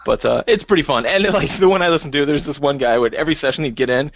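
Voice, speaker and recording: A man's voice: fairly high pitch, fast, dry recording, muffled recording. A man co-hosting a podcast, chatting casually and retelling funny gaming stories by acting out his friends' lines. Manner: animated storytelling, acting out friends in quotes. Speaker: podcast co-host. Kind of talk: casual chat.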